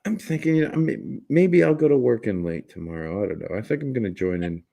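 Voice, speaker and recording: A man's voice: mid-range voice, expressive, brisk, vocal fry, dark tone. A man hosting a casual livestream chat, joking and laughing as he rambles with restarts. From Germany. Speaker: livestream host.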